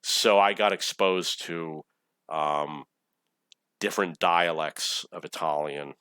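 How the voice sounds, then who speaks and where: A man's voice: low voice, slow, bright, forceful tone, smooth, no room sound. A man in his forties giving casual, rambling commentary over his own gameplay replay, swearing often when irritated. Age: 40s. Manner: rambling, profane, easily irritated.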